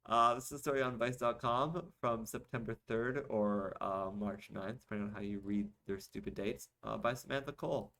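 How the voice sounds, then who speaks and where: A man's voice: lowish voice, moderate pace, vocal fry, hardly any pauses, fairly bright tone. A young man hosting a casual podcast, reading news articles aloud and breaking off for sarcastic asides.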